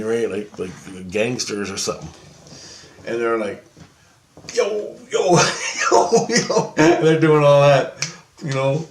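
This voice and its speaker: A man's voice: mid-range voice, echoey room, slight background noise. A man telling a story in a casual, rambling way. He swears, laughs often and acts out the voices of the people in it. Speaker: storyteller recounting an astral travel experience.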